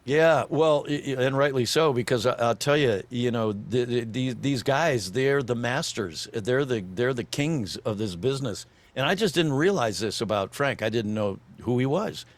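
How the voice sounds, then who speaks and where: An older man, a voice actor guest on a podcast, telling an animated story with lots of restarts and fillers. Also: mid-range voice, normal speed, hardly any pauses.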